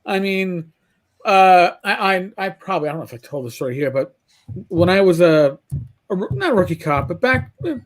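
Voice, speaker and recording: A man's voice: high voice, big pitch swings, normal speed. A man from New York City in his forties, co-hosting a casual chat and often repeating words as he starts sentences. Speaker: podcast co-host.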